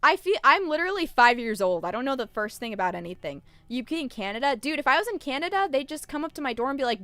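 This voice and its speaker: High, lively woman streamer. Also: fast talker, few pauses, no room sound. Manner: rambling, irreverent, swears freely. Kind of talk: casual live-stream chat.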